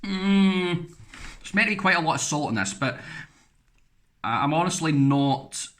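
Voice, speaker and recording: A man's voice: a little high, expressive, measured pace, a bit bright. An English man giving a casual, frank food review, rambling through chatty asides as he tastes.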